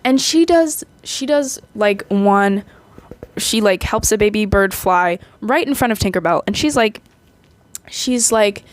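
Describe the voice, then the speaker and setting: A woman's voice: medium pitch, lively intonation, measured pace, dry recording. A young woman casually recapping a movie, chatty and rambling, with frequent restarts and playful asides.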